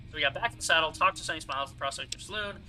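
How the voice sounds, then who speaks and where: A man's voice: fairly high pitch, racing, pushed and bright, soft background music, rough recording. A young man casually commentating his playthrough of a video game, chatty and explaining the mechanics with plenty of fillers and asides. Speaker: gaming streamer. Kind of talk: casual let's-play commentary.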